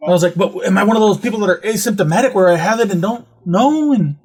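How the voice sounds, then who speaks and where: A man's voice: sits high, fast, slightly rough. A man hosting a podcast, telling a rambling, profane story in casual chat. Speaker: podcast host.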